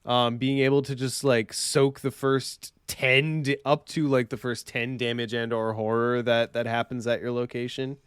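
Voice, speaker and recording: Casual male co-host, mid-pitched, rambly and self-mocking, dry close sound. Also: flat delivery, fairly bright tone, clean tone, no room sound. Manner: rambling, self-deprecating, quick asides. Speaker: podcast co-host. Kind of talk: casual chat about a card game.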